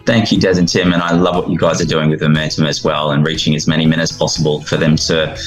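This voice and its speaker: A man speaking as a guest in an interview, heartfelt and earnest, animated when he retells scenes. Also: rumbling low, fast talker, soft background music, poor audio. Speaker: guest, founder of a fathers' ministry.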